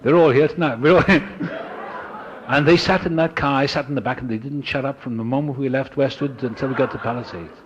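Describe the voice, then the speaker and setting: An older man telling a personal recovery story to an audience, animated and acting out the voices of people he met. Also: medium pitch, a little fast, dull audio, slight background noise. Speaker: speaker sharing his recovery story.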